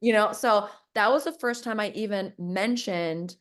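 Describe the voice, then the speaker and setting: A woman casually telling a personal story on a podcast, full of likes and whatevers, jumping up in pitch whenever she quotes someone. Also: measured pace. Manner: animated, acts out quoted voices with big pitch jumps; filler-heavy, says like and whatever often.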